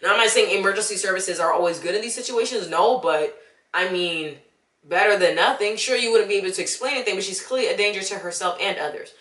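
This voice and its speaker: Young woman, casual movie rant, bright voice, exasperated and animated, echoey room. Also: mid-range voice, quick pace. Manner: animated, exasperated, talks straight to the viewer. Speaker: vlogger.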